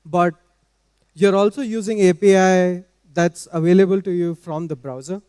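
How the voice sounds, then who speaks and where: Smooth, high male conference speaker. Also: steady tone, a little mellow, no echo, studio quality, big-room sound. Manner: measured, explanatory. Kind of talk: technical talk. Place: large conference hall.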